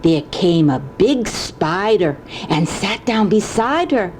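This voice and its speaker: A woman's voice: mid-range voice, sing-song, a little mellow, a little hiss or hum. Older grandmother reciting nursery rhymes. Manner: slow, sing-song recitation.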